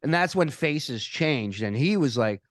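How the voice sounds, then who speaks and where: A man telling a story as a podcast guest, animated and profane, often repeating words as he restarts his sentences. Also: mid-range voice, a little slow, dry recording, clean studio sound. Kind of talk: casual storytelling.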